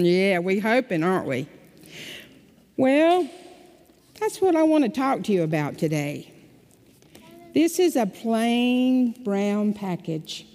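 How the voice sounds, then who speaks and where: A woman telling a story at a children's sermon in a church, asking the children lively, coaxing questions. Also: on the high side. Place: church sanctuary. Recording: long hall reverb.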